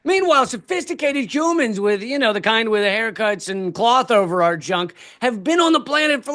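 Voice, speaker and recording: On a convention stage, a man performs stand-up, ranting with exasperation and profanity and erupting into shouts. His voice is high and expressive, delivered at a normal speed with few pauses.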